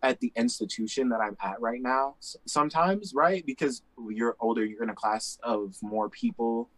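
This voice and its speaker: A young man from Indiana in casual conversation, talking emphatically with quick asides. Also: medium pitch, no room sound, poor audio. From Indiana, USA.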